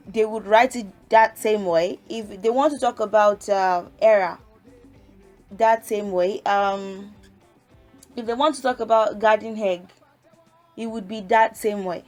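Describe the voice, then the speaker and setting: A woman teaching a language lesson in a casual way, reciting letters one at a time and explaining with relaxed fillers. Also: mid-range voice, measured pace, faint music behind.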